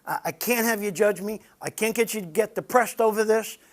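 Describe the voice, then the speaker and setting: A man's voice: high-pitched, a little fast. A man giving a conversational sermon to a men's group, earnest and personal, speaking straight to the people in the room. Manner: earnest, personal, addresses the audience directly. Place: meeting room with a live audience.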